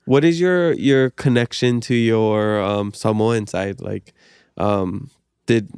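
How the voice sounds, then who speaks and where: A man's voice: lowish voice, takes it slowly, a little mellow, clear, resonant tone, dry recording, clean studio sound. A man from Hawaii who hosts a podcast and talks in an easygoing, encouraging way, with lots of "you know". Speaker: podcast host. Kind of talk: casual interview chat.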